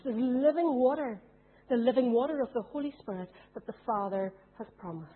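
Here a woman with a fairly high, slightly rough voice preaches at a quick pace. She keeps asking the congregation rhetorical questions, and the sound is tinny, as if over a phone.

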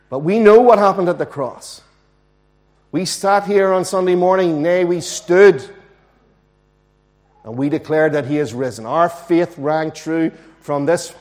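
A man's voice: a little high, darkish tone. Emphatic male preacher. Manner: earnest, emphatic preaching with slowed stresses. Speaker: pastor. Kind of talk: sermon. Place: church.

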